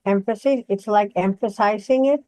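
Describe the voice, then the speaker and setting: A woman's voice: medium pitch, normal speed, dark tone, no echo, rough recording. A woman student in a language class, asking what words mean. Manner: inquisitive, asks for meanings.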